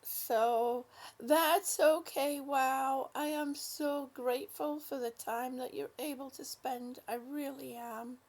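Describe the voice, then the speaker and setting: Her voice is high and her delivery is leisurely as this livestream host works through viewer comments. She's warm and casual, addressing everyone as honey or sweetie.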